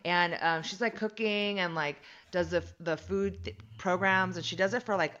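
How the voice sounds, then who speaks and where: A woman's voice: fairly low pitch, moderate pace. Rambly american-raised woman telling a story, lots of likes and ums, kinda muffled lo-fi audio. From United States. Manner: animated and rambling, many fillers. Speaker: guest, comedian. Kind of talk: casual storytelling chat.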